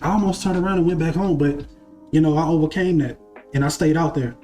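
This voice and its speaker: A man's voice: fairly high pitch, a little fast, warm tone. A man casually telling a personal story to camera, repeating himself and checking whether listeners follow. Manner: conversational, repeats phrases, asks listeners if they follow. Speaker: spiritual content creator and card reader. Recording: faint music underneath.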